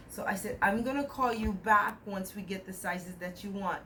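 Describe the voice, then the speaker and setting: Young adult woman, mid-range pitch, casual rambling dream-recounting, light background noise. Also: a little fast, hardly any pauses, low-quality recording. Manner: rambling, animated retelling with quoted dialogue. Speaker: dream vlogger. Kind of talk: casual storytelling about a dream.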